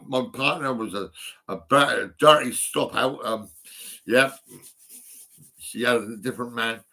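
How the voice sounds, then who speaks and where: A man talks into his phone, rambling and restarting between ums. His voice is bright and forward, and he chuckles at his own stories as he goes. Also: medium pitch. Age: 50s. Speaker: vlogger. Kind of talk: rambling personal monologue.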